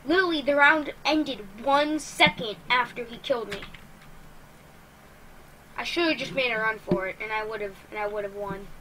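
A woman giving excitable let's play commentary while she plays, exclaiming and talking to herself. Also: fairly high pitch, moderate pace, a crowd in the background. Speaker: gamer.

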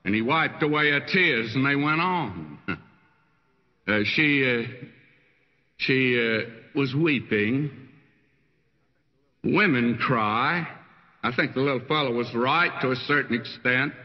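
An older man preaching a sermon as a pastor, telling stories in a folksy, animated way. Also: a little slow. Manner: folksy storytelling preacher with wide swings in pitch. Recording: dull lo-fi archival sermon recording with long hall reverb.

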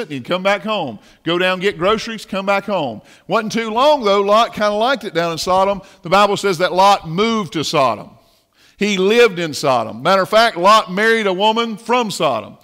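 A man preaches from the pulpit, retelling a story in a lively, conversational way and calling out questions to his congregation. His voice sits high for a man. A long church-hall reverb trails after every phrase. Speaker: pastor. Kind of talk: sermon. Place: church sanctuary.

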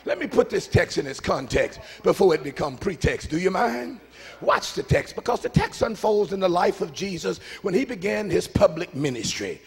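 A man preaching a lively sermon, talking with the congregation and swinging between shouted lines and hushed asides. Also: high-pitched, moderate pace, gravelly, hardly any pauses, breathy edge, long reverb tail, soft background music. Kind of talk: call-and-response sermon. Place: church sanctuary.

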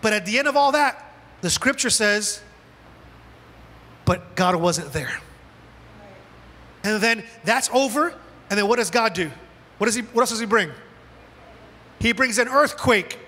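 A male pastor preaching a sermon in a lively, animated way, acting out quoted lines from scripture. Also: high-pitched, measured pace, pauses often. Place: church auditorium. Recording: large hall with long reverb.

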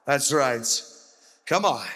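A man fronting a metal band, hyping a concert crowd with shouted, profane banter into a stage mic, recorded live in a large venue. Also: medium pitch, animated, takes it slowly. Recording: isolated live vocal with long hall reverb.

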